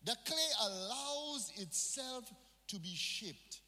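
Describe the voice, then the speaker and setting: A man's voice: extremely high pitch, expressive, slow pace, sharp tone. A male pastor preaching a sermon in a church, with call-and-response and phrases mixed in. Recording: reverberant church hall.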